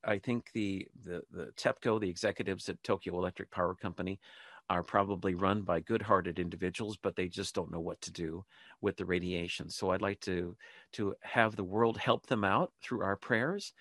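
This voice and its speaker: A man's voice: sits low, fairly bright tone, dry recording. A man hosting a spoken show, talking in a rambling way with many ums and restarts, and leading listeners in a short prayer. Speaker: host. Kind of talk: casual spoken talk show monologue.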